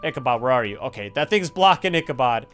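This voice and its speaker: A young man doing chatty, excitable gameplay commentary and reading the story aloud, dropping to a hush when things get creepy. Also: medium pitch, quick pace, smooth, soft background music. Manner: excitable, chatty, drops to hushed tones when spooked. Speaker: gaming YouTuber.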